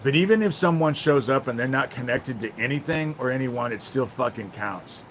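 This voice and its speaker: A man's voice: mid-range voice, lively intonation, a bit bright, a little hiss or hum, low-quality recording. Man ranting angrily on a livestream. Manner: profane, angry ranting; fills pauses with "you know?". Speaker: livestream host. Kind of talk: livestream monologue.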